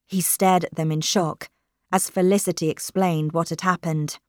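Slow, measured woman reading a story. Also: lowish voice, no room sound, clean studio sound.

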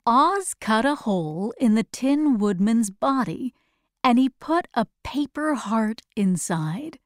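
Very slow, expressive woman storyteller. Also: a little high, no room sound, studio quality. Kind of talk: storybook read-aloud.

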